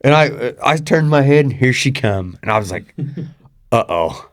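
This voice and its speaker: A man recalling a farm mishap in loose country phrasing, restarting his sentences as he goes. His voice sits in a middle range, and his delivery is relaxed and chatty. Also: medium pitch, moderate pace. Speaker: guest. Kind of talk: casual storytelling chat.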